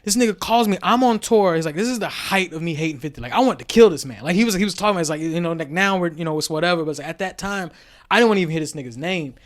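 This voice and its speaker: A young man with a high voice, chatting on a podcast. He tells stories in an animated way, laughs often and acts out quotes from other people. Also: very fast. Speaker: podcast co-host. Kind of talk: casual chat.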